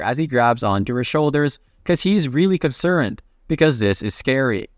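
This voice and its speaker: A man's voice: fairly high pitch, normal speed, dry recording, clean studio sound. Chatty man narrating a comic recap. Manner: chatty, excitable.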